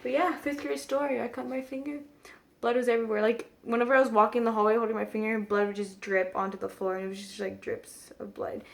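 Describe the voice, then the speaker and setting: Casual vlog girl, kinda high voice, rambles, says like a lot, talkin into her camera. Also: steady tone, fast, creaky. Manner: rambling, lots of filler "like". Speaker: vlogger.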